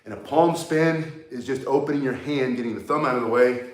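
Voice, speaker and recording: A man's voice: medium pitch, a little fast, echoey room. A man teaching a staff-spinning lesson, coaching step by step and getting out of breath as he works out with the staff. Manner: coaching, talks while moving. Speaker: martial arts instructor. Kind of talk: demonstration tutorial.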